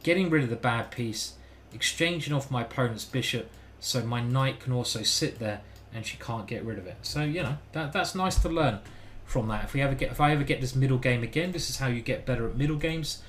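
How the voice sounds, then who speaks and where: A man's voice: medium pitch, fairly quick, few pauses, a bit bright. Guy streaming chess, talks to chat a lot, bit of faint room hum. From United Kingdom. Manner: chatty, talks to chat, thinks aloud. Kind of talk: live-stream chess commentary.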